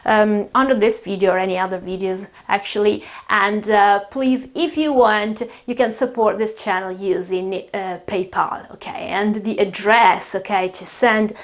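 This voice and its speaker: A woman with an Italian accent teaching English pronunciation, explaining patiently and repeating words slowly with many fillers. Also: mid-range voice, fairly even intonation. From Italy. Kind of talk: pronunciation lesson.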